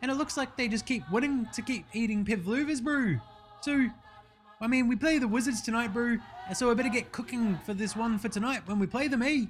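A man's voice: very high-pitched, a little fast, pitched above the performer's own voice. A man voicing a laid-back young New Zealand basketball player with a drawling New Zealand accent who says bro and eh constantly. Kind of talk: comedy sketch.

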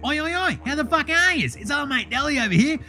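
Brash Australian sports bloke, put on by a man, crude and swaggering, pitched high for a comedy bit. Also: very animated, fast, bright, forceful tone, soft background music, heavily acted. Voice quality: brash, swaggering, foul-mouthed. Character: crude rowdy Australian male basketballer.

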